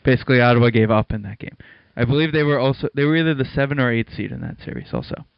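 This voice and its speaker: Guy co-hosting a sports podcast, smooth voice, dry dull-sounding audio. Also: mid-range voice, expressive, very fast, no room sound. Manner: chatty, laughs often, plugs and segues like a radio host. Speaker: podcast co-host. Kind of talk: casual sports chat.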